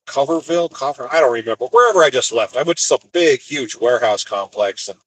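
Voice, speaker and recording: A man from the United States, an expedite van driver, casually telling rambling stories from the road and jumping into higher voices when he quotes people. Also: lively intonation, fast talker, a bit bright, rough recording. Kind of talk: casual storytelling.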